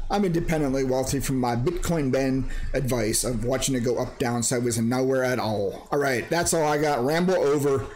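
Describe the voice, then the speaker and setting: A man's voice: mid-range voice, fairly quick, few pauses, darkish tone, slight background noise. A man in a casual, rambling screen-share vlog about crypto mining who jokes around and breaks into silly sing-song bits.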